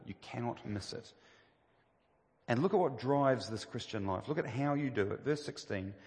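With vocal fry in his mid-range voice, a man gives an emphatic sermon packed with rhetorical questions. Key phrases get stressed by a rising voice, and the sound carries the long reverb of a church hall.

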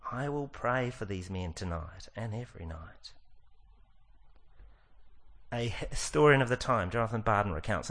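A middle-aged male pastor preaching, his voice sitting fairly low. He talks earnestly and drags out the words he wants to land. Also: fairly bright tone. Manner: earnest, slows down to stress key lines. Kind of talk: sermon.

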